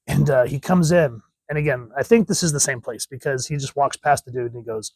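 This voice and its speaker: A man's voice: mid-range voice, fairly quick, hardly any pauses, darkish tone, no room sound, rough recording. A man casually reviewing a comic book, rambling with frequent "like" and "wait a minute" asides.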